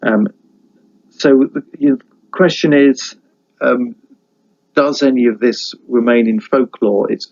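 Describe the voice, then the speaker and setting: A man giving a university lecture, halting with many fillers and restarts, stopping now and then to read a folk tale aloud. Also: medium pitch, creaky, a little mellow, lo-fi sound. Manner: reads folk tale aloud between comments.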